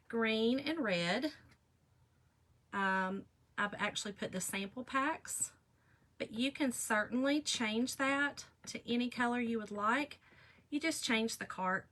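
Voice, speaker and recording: A woman's voice: on the high side, bright, forceful tone. Chatty woman crafting live. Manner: chatty, rambling, laughs often, talks to viewers directly. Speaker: craft live-stream host. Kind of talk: casual chat while crafting.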